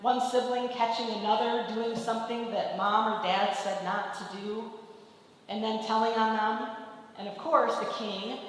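A woman's voice: a little high, fairly even intonation, a little slow. A woman giving a sermon, retelling a scripture story and acting out the quoted lines with a lifted voice. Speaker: preacher. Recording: distant mic in a long-reverb hall.

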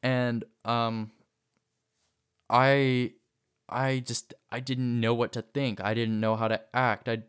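A man's voice: mid-range voice, little pitch movement, takes it slowly, pauses often, clean tone. A young man casually telling a personal story, rambling with many fillers and restarts. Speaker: vlogger.

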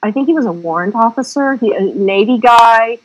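A woman's voice: fairly high pitch, lively intonation, brisk, low-quality recording. Chatty, salty woman film director. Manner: chatty, rambling, frank and salty. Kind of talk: casual interview storytelling.

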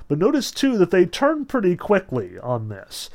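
A man's voice: sits high, huge pitch swings, normal speed, vocal fry, warm tone. A man giving a casual literature lecture, often saying "notice" and "like" and reading passages from a novel aloud. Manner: chatty, lots of "like" and "notice", reads passages aloud.

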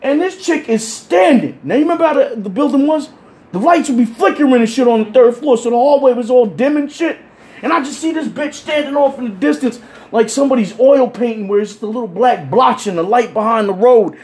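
Guy with a high voice telling crazy stories, swearing a lot, animated. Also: fairly quick. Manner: animated, acts out quoted voices. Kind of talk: casual profane storytelling.

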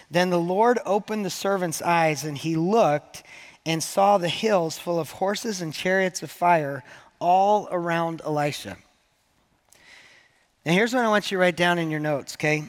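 A man's voice: high-pitched, moderate pace. A man preaching a sermon to his church in a conversational, joking way, acting out the quoted lines. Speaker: pastor.

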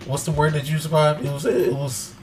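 A man's voice: on the high side, little pitch movement, brisk, over music. A young man co-hosting a podcast in casual banter, rambling with restarts. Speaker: podcast co-host.

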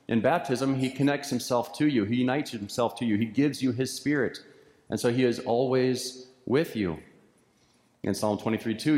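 A pastor preaching a sermon with an earnest, repetitive preaching cadence, heard in a church sanctuary. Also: male voice, mid-range voice, a little mellow. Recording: echoey church hall with long reverb.

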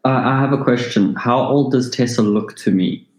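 A man's voice: medium pitch, moderate pace, a little mellow. A man playing a tabletop game, casual and a bit hesitant. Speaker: player. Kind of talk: tabletop role-play. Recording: echoey room.

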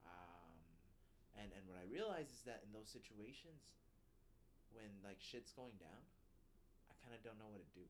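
A young man in casual chat with a friend, telling stories in a loose, profane, animated way. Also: lowish voice, moderate pace, pauses often, a little hiss or hum.

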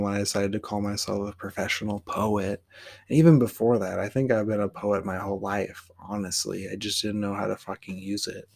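Male poet-host, lowish voice, loose reflective monologue, blunt and profane. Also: darkish tone. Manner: candid, rambling, swears casually.

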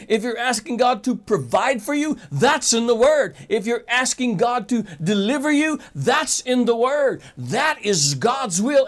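A man preaching a sermon, talking straight to his listeners with emphatic rhetorical questions. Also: very high voice.

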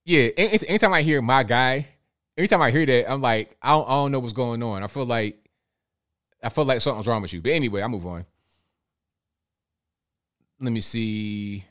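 A man's voice: medium pitch, brisk, long pauses, fairly bright tone. A man hosting a live stream in a loose, chatty way, reading viewer messages, often repeating words and chuckling. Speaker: livestream host reading viewer super chats. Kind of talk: casual live-stream chat.

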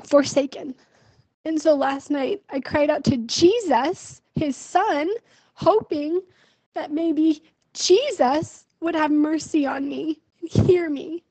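A woman's voice: high voice, slow pace, mellow, no echo, rough recording. A young woman venting her frustration in a personal video diary, emotional and full of fillers. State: pregnant. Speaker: vlogger.

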